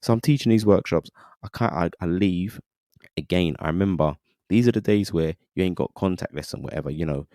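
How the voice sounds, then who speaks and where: Casting: thirties man, podcast guest, low dark voice, lively storyteller. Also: fairly quick, dry recording, clean studio sound. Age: 30s. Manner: animated, repeats "you know what I mean". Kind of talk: casual storytelling interview.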